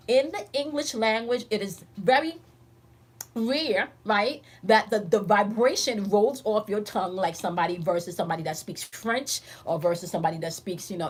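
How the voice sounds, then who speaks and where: A woman hosting a casual spiritual teaching stream, talking emphatically and bluntly with lots of swearing, constantly checking in with her listeners. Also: mid-range voice. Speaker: spiritual teacher and channel host.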